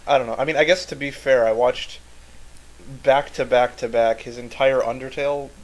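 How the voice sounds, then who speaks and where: A man's voice: medium pitch, fairly even intonation, normal speed, low-quality recording. A young man co-hosting a live-stream podcast, hedging his opinions with frequent "I don't know"s. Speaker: podcast co-host. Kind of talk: casual live-stream Q&A chat.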